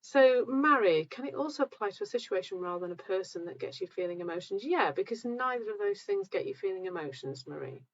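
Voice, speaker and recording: A calm, gentle woman hosting a live session, talking reassuringly to viewers while sounding a bit tired. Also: medium pitch, fast talker, few pauses, muffled recording. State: tired, low energy. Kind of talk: live-stream talk answering viewer comments.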